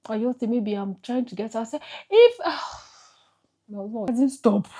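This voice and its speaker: A Nigerian woman vlogger telling an emotional personal story to camera, halting and repeating herself as she goes. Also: fairly high pitch, steady tone, warm tone.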